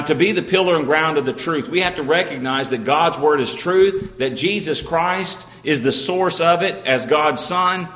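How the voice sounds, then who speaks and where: Earnest preacher in an echoey hall. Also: male voice, mid-range voice, fairly bright tone. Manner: earnest, rhetorical questions, reads scripture aloud. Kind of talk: sermon.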